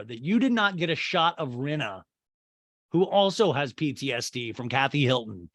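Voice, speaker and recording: Male comedy podcaster, lively swinging delivery, dry close mic, cusses and mocks. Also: medium pitch, normal speed, no room sound. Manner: profane, mocking, animated storytelling. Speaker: podcast host. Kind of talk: comedic TV recap.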